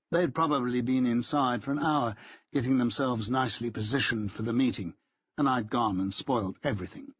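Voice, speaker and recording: A man reading a first-person novel aloud as an audiobook narrator, in a dry, wry deadpan way. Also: mid-range voice, slightly rough, no echo. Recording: dull lo-fi dry audiobook recording.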